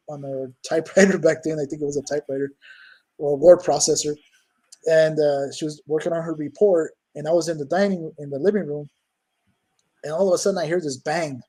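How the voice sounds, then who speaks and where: A man's voice: a little high, a little fast, poor audio. A man as an interview guest, telling stories casually and acting out his own exclamations. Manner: animated, acts out his own lines with raised voice. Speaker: guest, cryptid hunter.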